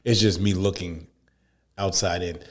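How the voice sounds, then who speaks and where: Blunt, low-voiced man ranting on a podcast. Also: steady tone, unhurried. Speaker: podcast co-host. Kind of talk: casual chat. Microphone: headphones and podcast mic.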